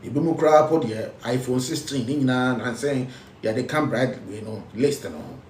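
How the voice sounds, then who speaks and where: A man's voice: mid-range voice, normal speed, a little mellow, reverberant, distant mic, a little hiss or hum. A man with a Ghanaian accent, speaking as a spiritual teacher, emphatic and repetitive, switching between English and local phrases. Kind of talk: preaching talk.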